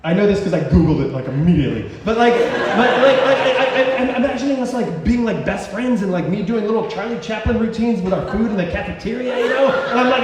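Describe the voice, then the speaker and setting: A man in his thirties rambles through a live personal story, stumbling and piling up fillers. His voice sits high, with long hall reverb. A distant mic catches him over steady room hum. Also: fast talker, few pauses. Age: 30s. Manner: rambling, stammering, filler-heavy. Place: stage at a cultural center.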